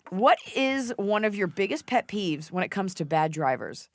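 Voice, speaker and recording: A woman in her thirties hosting a podcast, chatting casually in a quick, joking and animated way. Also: medium pitch, no echo. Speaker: podcast host. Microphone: studio mic without headphones.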